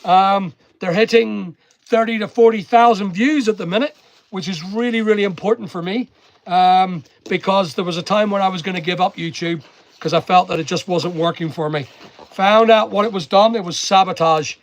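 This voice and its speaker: A man's voice: high voice, normal speed. Chatty man with a London-Northern Irish accent. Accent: London and Northern Irish mix. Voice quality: rambling, greets viewers by name. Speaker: online seller streaming live. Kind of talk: casual live-stream chat. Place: packing room at work.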